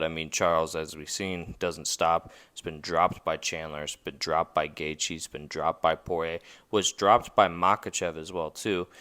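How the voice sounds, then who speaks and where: Man, podcast host, deep voice, casual rambling chat, filler-heavy. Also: a bit bright. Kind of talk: casual fight preview chat.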